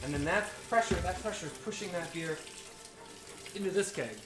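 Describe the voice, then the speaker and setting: A man's voice: high-pitched, moderate pace. Joking man hosting a brewing stream. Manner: joking, playful banter. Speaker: livestream brewing host. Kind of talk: casual chat. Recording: echoey room, faint music behind.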